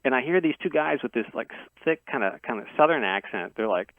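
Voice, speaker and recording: A mid-range male voice, animated and fairly quick, comes through a dry, tinny phone line. He's a guest on a radio show, earnestly telling a long story about himself and often breaking off to restart phrases.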